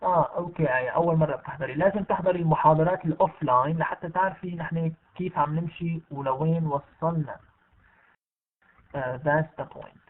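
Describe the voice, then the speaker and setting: A man teaching English in an online class, speaking haltingly with many fillers and repeated words. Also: a little high. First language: Arabic. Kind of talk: bilingual online lesson. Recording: tinny phone-like online call audio.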